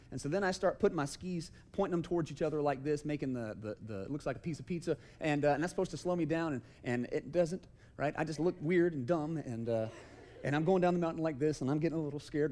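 A man's voice: a little high, a little mellow. A young man, a youth pastor telling a story in a casual sermon and often asking "right?". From Georgia, US. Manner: conversational, keeps asking "right?".

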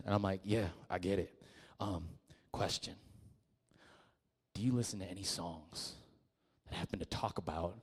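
Young male pastor, energetic sermon, jokey, jumps from shouts to whispers, mid-pitched. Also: fairly quick. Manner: animated, jokey, acts out listeners in put-on voices, swings from loud to hushed.

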